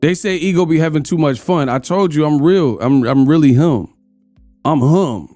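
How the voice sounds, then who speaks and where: A man's voice: on the high side, normal speed, mellow, dry recording. Joking man reacting over music. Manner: laughing, joking, slangy banter. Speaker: boxing commentary host. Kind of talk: casual reaction commentary.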